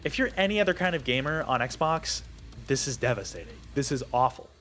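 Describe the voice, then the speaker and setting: A young man ranting to camera as a gaming video creator, heated and profane, his pitch jumping up when he gets worked up. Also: lively intonation, a little fast, fairly bright tone, soft background music. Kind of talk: angry rant to camera.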